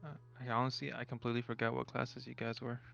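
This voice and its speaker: A man's voice: medium pitch, monotone, fast talker, creaky, fairly bright tone, lo-fi sound, soft background music. A man playing a tabletop game, talking casually and trailing off as he works things out. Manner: hesitant, trailing off. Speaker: player.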